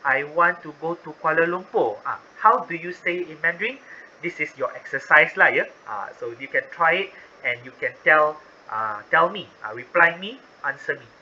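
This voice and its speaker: A man with a Malaysian accent teaching a Mandarin lesson, patiently explaining and repeating words slowly. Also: a little high, expressive, bright, forceful tone, lo-fi sound, slight background noise. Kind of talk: online language lesson.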